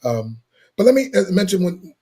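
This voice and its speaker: A middle-aged man telling animated stories about his marriage, laughing often and wandering off on tangents. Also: sits high, moderate pace, slightly rough. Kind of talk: animated testimony.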